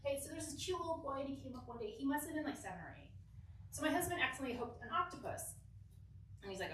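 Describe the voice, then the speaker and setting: A young woman from Southern California telling a lively, giggly personal story to a church youth group, acting out the quotes. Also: fairly high pitch, fast, far from the mic, slight background noise. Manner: animated, giggly, acts out quotes. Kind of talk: casual storytelling talk. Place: church hall. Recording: echoey hall, mic from afar.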